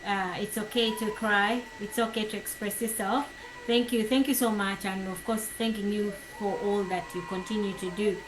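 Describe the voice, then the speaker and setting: A woman hosting a discussion, soft-spoken and reassuring. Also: medium pitch, fairly even intonation, moderate pace, background noise.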